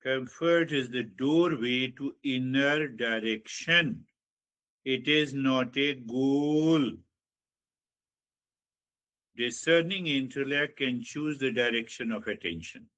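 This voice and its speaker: A man giving a slow, reflective spiritual teaching talk, guiding listeners inward with measured repetition. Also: medium pitch, a bit bright, lo-fi sound.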